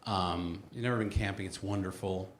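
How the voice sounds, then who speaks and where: A man's voice: deep voice, fairly even intonation, normal speed, roomy sound, a little hiss or hum. A man performing a stand-up comedy set, telling stories in a wry, self-mocking way.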